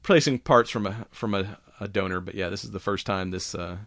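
A man's voice: fairly low pitch, a little fast, fairly bright tone, dry recording. Rambling, laid-back male podcast host. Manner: rambling with many fillers, swearing and laughter. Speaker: podcast co-host reading science news. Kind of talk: casual podcast chat.

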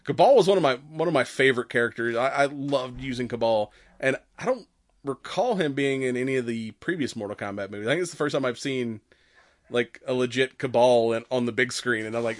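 Laughing, animated male podcast co-host. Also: medium pitch, brisk, no echo. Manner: laughs often, acts out movie quotes in animated voices. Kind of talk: casual chat.

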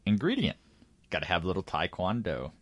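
A man's voice: deep voice, sing-song, a little fast, fairly bright tone, dry recording. A man in casual podcast chat who teases his co-host with wry remarks and playful puns.

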